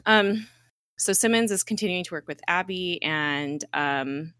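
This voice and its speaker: A woman's voice: on the low side, measured pace, a bit bright, clear, resonant tone, no echo, clean studio sound. A young woman hosting a podcast, casually recapping a TV episode in a chatty way, with lots of "like" and "um" and the odd swear word. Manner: chatty, fillers like "like" and "um", swears freely.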